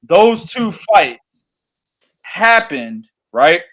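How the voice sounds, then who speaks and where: A man hosting a boxing podcast, ranting in a loose, profane, animated way. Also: high-pitched, drawn-out words. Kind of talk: casual podcast chat.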